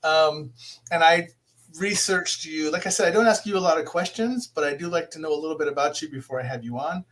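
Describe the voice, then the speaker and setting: A man's voice: fairly high pitch, a little fast, fairly bright tone. A man hosting a casual live interview show, talking in a rambling, self-deprecating way with frequent restarts. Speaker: podcast host.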